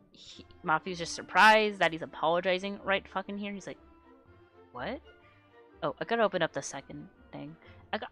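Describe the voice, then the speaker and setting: A woman streamer reads her own webcomic aloud at her home setup. Her chatter is giggly and meandering, with casual swearing sprinkled through it. Her voice sounds bright, with faint music underneath. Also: on the low side. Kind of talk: casual live-stream commentary.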